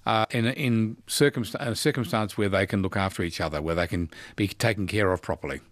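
A man's voice: fairly low pitch, fairly quick, no room sound. A man hosting a casual talkback radio quiz, chatty and teasing with his callers.

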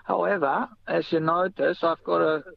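High gravelly man with German accent. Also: fairly even intonation, moderate pace. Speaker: caller. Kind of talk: casual radio call-in chat. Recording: dull lo-fi radio line.

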